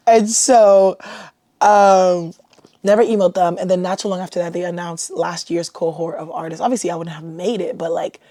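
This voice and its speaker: A woman's voice: lowish voice, fairly even intonation, moderate pace, warm tone, dry recording, studio quality. A young woman from Haiti hosting her own podcast, talking casually and self-deprecatingly with lots of "like.". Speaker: podcast host. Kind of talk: casual solo podcast chat.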